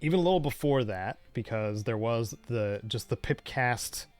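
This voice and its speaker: A man co-hosting a casual gaming podcast, talking in a relaxed, rambling way that often trails off. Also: mid-range voice, normal speed, soft background music. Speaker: podcast co-host.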